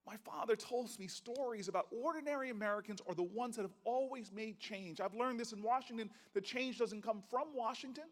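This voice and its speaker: A man's voice: very high voice, fairly quick, hardly any pauses. Rousing man orating in a reverberant hall. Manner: rousing, rhythmic repetition, folksy storytelling. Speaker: senator giving a keynote. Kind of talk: impassioned political speech. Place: large conference hall. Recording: long reverb of a large hall.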